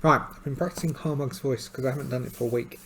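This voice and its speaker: A man's voice: mid-range voice, steady tone, fast talker, a bit bright, husky, soft background music. A middle-aged man narrating his solo tabletop game in a rambling, self-deprecating, casual way. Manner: chatty, self-deprecating, meandering with restarts.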